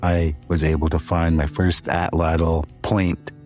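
Deep-voiced calm man telling a personal story. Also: unhurried, faint music behind. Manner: reserved, calm, with bursts of excitement.

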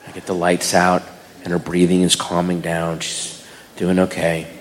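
A man doing stand-up, telling a family story and switching into loud voices for the people in it. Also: low-pitched, moderate pace, big-room sound. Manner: animated, breaks into loud voices for others. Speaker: stand-up comedian.

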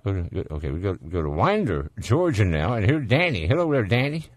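Deep-voiced Southern radio host. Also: male voice, big pitch swings, fast, no echo. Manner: easygoing, folksy banter with callers. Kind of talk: talk radio chat. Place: radio studio. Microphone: studio microphone.

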